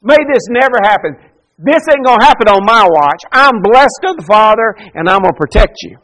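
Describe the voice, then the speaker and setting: A male preacher voicing a brash, boastful adult apostle, loud and swaggering with a folksy drawl. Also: high-pitched, expressive, moderate pace, rough recording.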